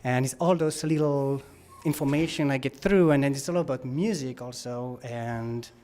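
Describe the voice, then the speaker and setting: A man actor answering interview questions in a relaxed, chatty way, full of "like" fillers. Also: medium pitch, moderate pace.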